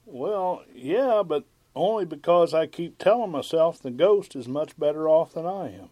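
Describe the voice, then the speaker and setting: An actor playing a shy, lovelorn maestro neighbor with a hesitant, wry delivery in a 1950s radio sitcom. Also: male voice, on the high side, expressive, unhurried, dark tone.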